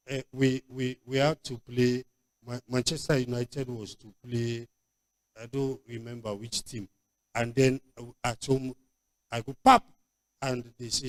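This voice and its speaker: A man with a Nigerian accent preaching a sermon as pastor, emphatic and repetitive, with frequent stop-start restarts. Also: mid-range voice. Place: church convention hall.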